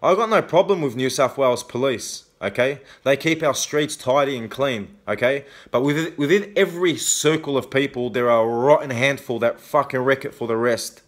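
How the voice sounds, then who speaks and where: A man's voice: mid-range voice, normal speed, few pauses. A man with an Australian accent ranting angrily to camera in a video blog, swearing heavily and ending points with a challenging "okay?". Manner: heavy swearing, repeated "okay?" tags. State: angry. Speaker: vlogger. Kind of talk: angry confrontational rant to camera.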